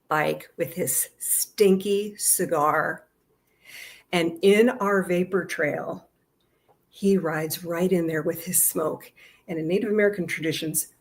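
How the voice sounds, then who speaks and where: A woman telling a personal story in a casual, animated vlog, chatting outdoors in her garden. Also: lowish voice. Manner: animated, chatty, with lots of fillers. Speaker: storyteller vlogger.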